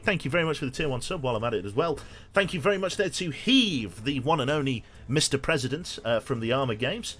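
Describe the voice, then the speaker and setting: A man's voice: on the high side, a bit bright. A young man chatting casually while streaming a game, rambling and swearing with lots of restarts. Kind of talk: casual live-stream chat.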